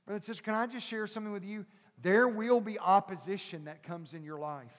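A male pastor preaching a sermon, telling a story animatedly and acting out the characters before building to loud preaching. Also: sits high, a little fast. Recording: long hall reverb.

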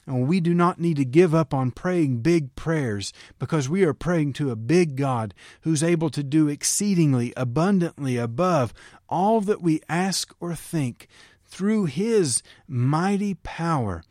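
A pastor preaching a sermon in an earnest, encouraging way, sometimes acting out pleading prayers. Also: male voice, a little high, lively intonation, a little slow, darkish tone, no echo, clean studio sound.

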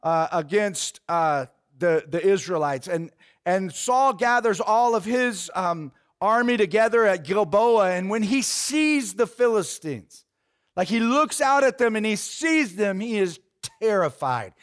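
A male preacher giving a sermon, retelling a story in an animated way with casual fillers. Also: high-pitched, measured pace, clean tone.

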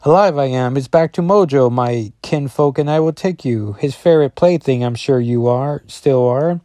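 A man's voice: medium pitch, normal speed, dark tone, no echo, studio quality, lightly acted. A man voicing a scheming male werewolf who speaks with inverted word order while reading a comic aloud. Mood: gloating. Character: scheming male werewolf pack, odd backward speech.

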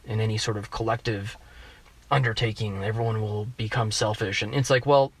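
A man with a general American accent, a guest in a casual interview, talking in halting bursts full of restarts and fillers as he thinks aloud. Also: on the low side, fairly even intonation, slightly rough. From United States. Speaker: guest economist.

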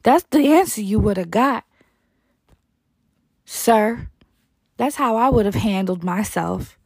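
A woman's voice: medium pitch, slow pace, vocal fry, breathy edge, no room sound, clean studio sound. A woman telling a personal dating story in a casual, profane monologue, acting out both sides of past conversations. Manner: animated, profane, mimics quoted dialogue.

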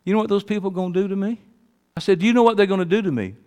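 A man preaching a sermon, swinging from loud preaching to hushed confiding asides in a church sanctuary. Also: high-pitched, very fast, clean tone. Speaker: pastor. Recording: long hall reverb.

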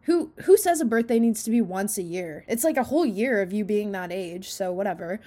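A woman's voice: mid-range voice, lively intonation, fairly quick, warm tone. A young woman co-hosting a podcast in casual chat, giggly and rambling after a few drinks. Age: young adult. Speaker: podcast co-host.

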